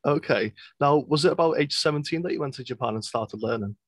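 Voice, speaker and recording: A man's voice: fairly high pitch, quick pace, fairly bright tone, no echo. A man from the Czech Republic co-hosting a casual interview, asking brief, friendly questions. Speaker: co-host.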